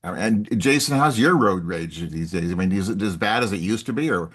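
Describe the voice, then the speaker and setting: Husky low-voiced podcast host. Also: male voice, expressive, moderate pace, a bit bright. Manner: asks questions, clears throat often. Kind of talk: casual interview chat.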